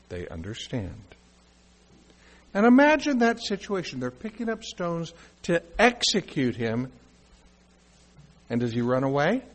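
Animated male preacher, lively pitch. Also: measured pace, pauses often. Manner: animated preaching, acting out quotes. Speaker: pastor. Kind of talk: sermon.

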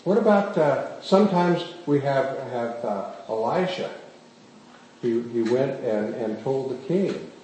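A man's voice: mid-range voice, slow. A man preaching a sermon as pastor, often putting questions to the congregation as he tells the stories. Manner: questions the congregation, animated storytelling. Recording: very echoey room, faint background noise.

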